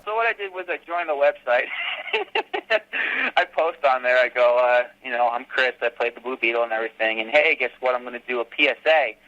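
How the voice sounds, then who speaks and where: A man being interviewed about his fan films, telling animated stories and acting out quotes. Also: medium pitch, fairly quick, lo-fi sound. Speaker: fan filmmaker guest. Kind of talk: casual podcast interview.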